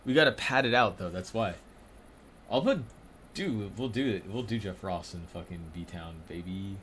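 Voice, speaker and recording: A young streamer ranking comedians comments casually in a low, animated, fairly bright voice at a moderate pace. He rambles, swears, and often bursts out laughing, with a little hiss or hum in the audio.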